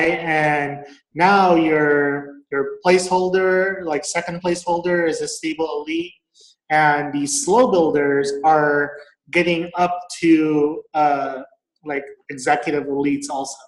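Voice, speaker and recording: Man explaining strategy in an echoey room. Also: on the high side. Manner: halting, explanatory. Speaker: network marketing leader. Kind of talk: co-teaching business strategy.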